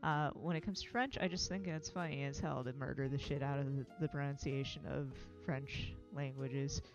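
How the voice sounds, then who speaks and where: An American woman with a low voice chats on a livestream, rambling and self-deprecating, with frequent swearing and laughter. The sound is slightly muffled, and faint music plays underneath. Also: steady tone, moderate pace. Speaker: livestream host. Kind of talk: casual rambling chat.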